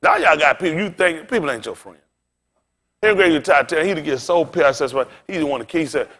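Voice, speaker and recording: A male pastor with a slightly higher voice preaches in a loose, conversational way. His pitch and volume climb and drop sharply. He keeps turning to the congregation with direct asides. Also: expressive, fast talker. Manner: casual preaching with big swings in pitch and loudness. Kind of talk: sermon.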